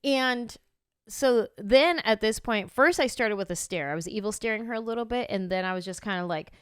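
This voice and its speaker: A woman in her thirties hosting a podcast, telling a story in a casual, animated way and acting out her own reactions. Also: medium pitch, fast talker, clean tone, dry recording, studio quality. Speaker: podcast host.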